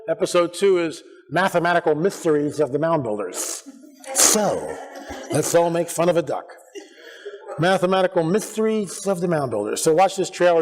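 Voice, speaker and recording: Conference speaker in a church, lively storyteller, higher voice, echoey hall. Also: male voice. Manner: animated, acts out quotes, restarts often. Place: church sanctuary.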